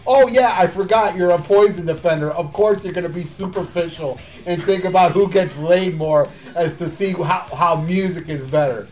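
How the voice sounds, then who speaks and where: A man's voice: high voice, moderate pace, few pauses, a little mellow, faint music behind. A man casually reviewing songs, sarcastic and crude, swearing and laughing as he talks. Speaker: podcast host reviewing albums.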